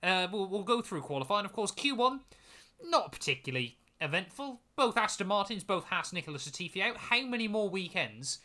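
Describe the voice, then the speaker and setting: Young man, podcast co-host, bright and animated, self-deprecating. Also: high-pitched. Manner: lively, self-deprecating, quick asides. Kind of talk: casual chat.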